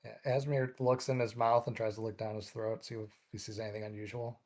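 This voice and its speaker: A man playing a tabletop game, narrating his character's actions in a measured way. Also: fairly low pitch, flat delivery, a little mellow. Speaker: player.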